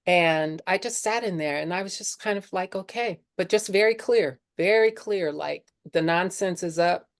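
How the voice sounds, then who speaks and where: A woman's voice: medium pitch, moderate pace, few pauses. A middle-aged woman leading a spiritual discussion group, sharing her own story in an earnest, conversational way with many "you know"s. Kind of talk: candid personal sharing talk.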